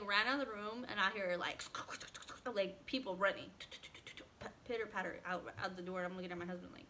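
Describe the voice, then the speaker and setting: A woman telling a personal story in a casual storytime vlog, animated and acting out what others said, with many "like" fillers. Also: mid-range voice, a little fast, slight background noise. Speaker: vlogger.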